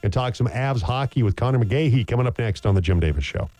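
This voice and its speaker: A man's voice: medium pitch, expressive, fast talker, noisy background. A man hosting a sports radio show, chatting casually, repeating himself and laughing easily.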